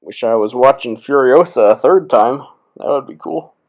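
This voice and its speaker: A man's voice: mid-range voice, normal speed, darkish tone, low-quality recording. A tipsy man co-hosting a movie watch-along, rambling and trailing off between laughs in casual commentary.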